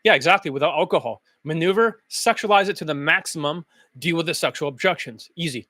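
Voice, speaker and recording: A male dating coach cuts in with brash, profane commentary and mocks his rivals. His voice sits fairly high and bright, and the recording sounds dry and close. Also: fast, no room sound.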